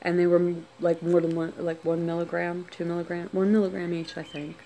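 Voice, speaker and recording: A woman telling a personal story on camera, unscripted, talking quietly with many restarts and trailing phrases. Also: lowish voice, monotone, fairly quick, slight background noise.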